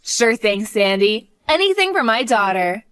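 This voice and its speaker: A woman's voice: on the high side, very animated, a little slow, a bit bright, clean tone, no echo, faint music behind. A middle-aged woman telling a story in the voice of a firm, protective mother. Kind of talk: acted story narration.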